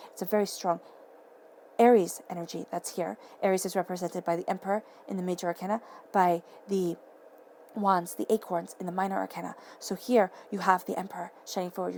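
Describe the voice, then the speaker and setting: A woman giving a tarot reading to camera, earnest and excitable, repeating affirming phrases and sometimes tripping over her words. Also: mid-range voice, a little hiss or hum. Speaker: tarot reader. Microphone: camera mic.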